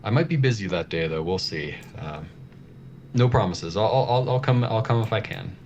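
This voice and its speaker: A man's voice: fairly low pitch, lively intonation, moderate pace, a little mellow, dull audio, slight background noise, lightly acted. A man voicing a kindly, modest older male shopkeeper in a tabletop game, speaking politely with some hesitation. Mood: friendly.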